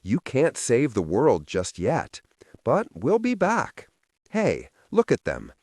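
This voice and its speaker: A man voicing a weary, tender young male mage who speaks quietly and gently, stumbling over foreign words. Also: mid-range voice, wildly swooping pitch, slow pace, husky, no room sound, studio quality, voice pushed up, heavily acted.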